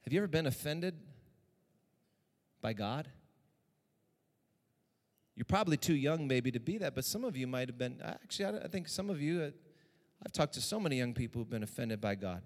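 A man preaching a sermon in an animated way, often repeating lines for emphasis. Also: mid-range voice, moderate pace, pauses often, in a large hall.

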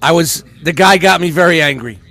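A man's voice: a little high, a little fast, gravelly, soft background music. A middle-aged man hosting a podcast, telling a rage story full of swearing and acting out both sides of an argument. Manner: animated, swears constantly, acts out quarrels with raised voice. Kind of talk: profane casual storytelling.

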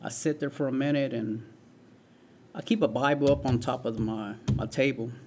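Against a noisy background, a man in his forties speaks at medium pitch and a moderate pace. As an interview guest, he earnestly recounts his life story, frequently dropping in "man" and "right."

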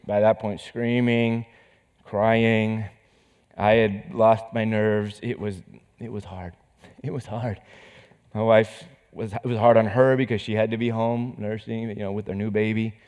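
A man preaching as a pastor, telling a personal story with emotion, moving from hushed words to forceful emphasis. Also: lowish voice. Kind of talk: sermon storytelling. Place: church stage. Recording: reverberant hall.

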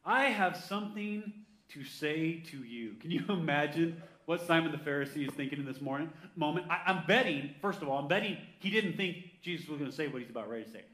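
A male pastor gives an energetic sermon in a somewhat high voice. He slows right down to read scripture and keeps drawing the congregation in with questions. The room around him is echoey. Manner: animated preaching, reads scripture slowly, asks the congregation for responses.

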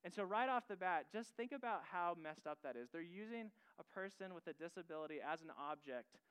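A man's voice: sits high, expressive, brisk, a bit bright, smooth, low-quality recording. A male pastor preaching a sermon in a casual, conversational way, asking the audience questions directly.

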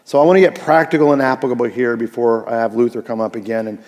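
A man preaching a Father's Day sermon as pastor, animated and jokey, swinging from loud to soft. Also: medium pitch, fast talker, in a large hall.

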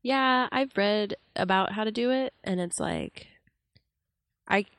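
A woman's voice: mid-range voice, slow, fairly bright tone, no echo. A young woman and comic in casual chat, talking loosely with lots of "like". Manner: laughs often, fillers like "like". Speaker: podcast guest, comic.

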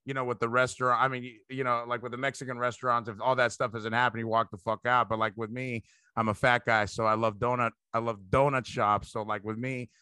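A man, a stand-up comedian, chatting casually on a podcast, rambling and profane as he tells animated stories. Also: medium pitch, fast talker, smooth, dry recording.

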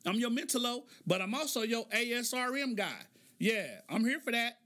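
A middle-aged man rambles through a comic podcast monologue, breaking into laughs between stories. His voice sits high and sounds bright and forceful. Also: animated, moderate pace. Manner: joking, loose storytelling with laughs. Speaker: podcast host. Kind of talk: casual comedic monologue.

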